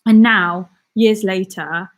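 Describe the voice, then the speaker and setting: Answering comments from viewers on her live stream, this young YouTuber and comedian from England's West Midlands laughs a lot and keeps things casual. She speaks slowly in a steady, mid-range voice, her accent blending West Midlands and southern English.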